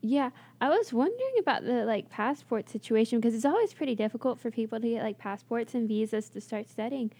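A woman's voice: fairly high pitch, expressive, a little fast, hardly any pauses, a little mellow, breathy edge. A young adult woman hosting a casual college radio interview, responsive with frequent "yeah" backchannels.

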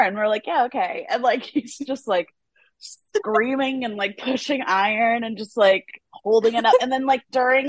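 A woman's voice: mid-range voice, no room sound. A woman TV writer, a podcast guest, chatting casually with lots of fillers and frequent laughs. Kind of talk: casual interview chat.

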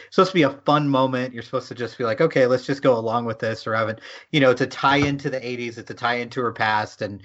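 A man's voice: medium pitch, fairly bright tone. A man co-hosting a podcast, chatting thoughtfully about a movie and laughing often. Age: older. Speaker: podcast co-host. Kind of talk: casual movie discussion. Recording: dull lo-fi sound.

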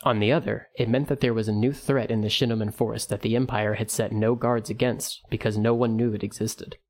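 Man reading fiction, low voice. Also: fairly even intonation, brisk, a little mellow. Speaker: audiobook narrator. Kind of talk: scripted narration.

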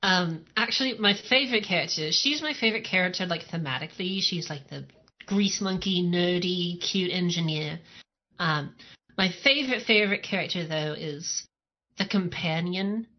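A woman's voice: on the low side, normal speed. Woman, casual chat, dry humor and frequent swearing, muffled lo-fi sound. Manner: wry, joking, swears casually. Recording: dull lo-fi sound.

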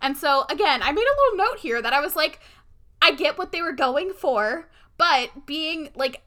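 A woman's voice: high-pitched, animated, moderate pace, bright, forceful tone. A woman co-hosting a casual chat, retelling movie scenes step by step in a conversational way. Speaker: podcast co-host.

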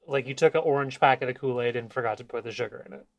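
A young man co-hosting a casual chat, animated and profane and laughing often. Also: mid-range voice, racing, creaky, no echo. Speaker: podcast co-host.

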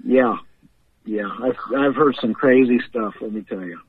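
A man's voice: mid-range voice, measured pace. Male guest, rambling laughing storyteller, phone-line sound. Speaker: guest paranormal investigator. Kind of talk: casual storytelling on a podcast.

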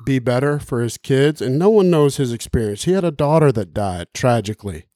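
On a casual podcast, a man rambles loosely and swears a lot, full of emphasis and asides. His middle-pitched voice has lively intonation, a brisk pace and a dark tone, recorded dry and close with no room around it.

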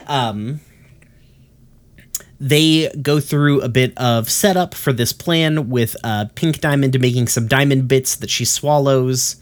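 A man's voice: mid-range voice, slow pace. A man casually retelling a cartoon episode in a rambling way, with lots of fillers and the odd swear word.

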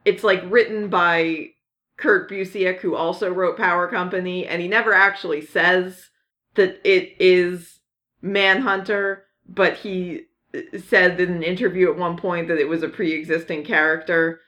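A woman chatting casually as a podcast co-host, unhurried and meandering, her pitch sitting a little low. She trails off into fillers and restarts and giggles between thoughts. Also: steady tone, a bit bright. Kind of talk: casual chat about comics.

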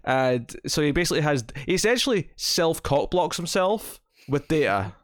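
A man co-hosting a podcast, recapping scenes in a rambling, animated way. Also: a little high, moderate pace, no echo, clean studio sound. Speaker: podcast co-host. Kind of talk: casual chat.

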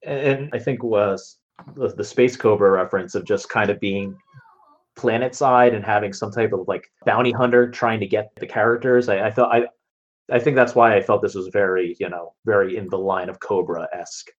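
A man's voice: on the low side, fairly even intonation, normal speed. Rambling male podcast co-host, lo-fi. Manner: rambling, many restarts and "like"s. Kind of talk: casual chat reviewing a cartoon episode.

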